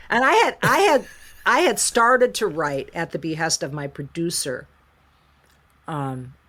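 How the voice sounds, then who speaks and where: Low-voiced frank woman storyteller. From United States. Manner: frank, emotional, animated retelling with quoted voices. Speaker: interview guest, singer-songwriter. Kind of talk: candid conversational storytelling.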